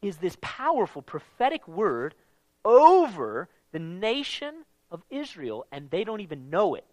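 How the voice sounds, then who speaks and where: A man preaching a casual Bible-teaching sermon in an animated, conversational way, with slang mixed in. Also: sits high, a little slow, no echo.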